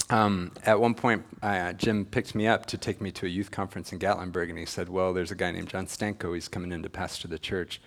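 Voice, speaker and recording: Deep-voiced man telling his story. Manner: earnest storytelling, acts out quoted dialogue. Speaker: speaker at a church gathering. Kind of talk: personal testimony talk.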